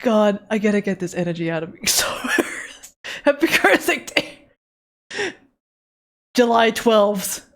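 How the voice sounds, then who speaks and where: A woman's voice: medium pitch, lively intonation, unhurried, pauses often, a bit bright. A young woman art streamer chatting casually on a live stream, giggly and gushing with emotion.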